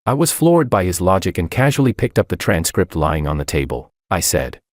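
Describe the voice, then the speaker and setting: A man's voice: deep voice, big pitch swings, fairly quick, hardly any pauses, no echo, studio quality. A man narrating a first-person story in a cold, mocking, unmoved manner.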